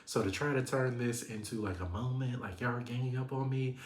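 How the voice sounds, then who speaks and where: A man recaps a reality show in a sassy, animated way, slipping into high voices to act out the cast. His voice sits in a middle range. The room around him is echoey. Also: a little fast. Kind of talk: casual recap commentary.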